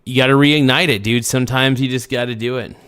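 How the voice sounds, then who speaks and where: A man's voice: medium pitch, fairly even intonation, quick pace, fairly bright tone, clear, resonant tone, dry recording. A man hosting a casual livestream, reading viewer comments aloud and answering them in a rambling, blunt way. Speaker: livestream host.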